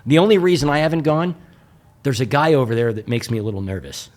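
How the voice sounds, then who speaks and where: A man's voice: mid-range voice, quick pace. An American man, a motivational speaker, telling a story with jokes and frequent asides to the audience. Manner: animated, jokey, with asides to the audience. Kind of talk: humorous storytelling talk.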